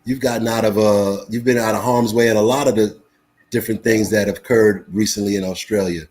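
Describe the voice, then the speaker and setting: A man's voice: on the low side, steady tone, fairly quick, a little mellow. A man chatting casually, friendly and prone to stumbling restarts as he asks questions. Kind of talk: casual chat.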